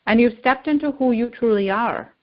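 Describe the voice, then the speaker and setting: A woman channeler giving spiritual guidance and pausing to search for words. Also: fairly high pitch, highs cut off. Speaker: channeler, guest.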